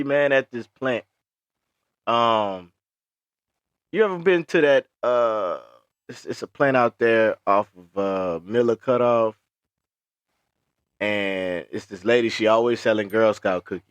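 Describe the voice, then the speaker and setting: A young adult man co-hosting a podcast in casual chat, telling stories, often laughing and jumping up high to quote other people. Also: no echo, dull audio. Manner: animated storyteller, acts out high-pitched quotes, laughs often. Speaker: podcast co-host.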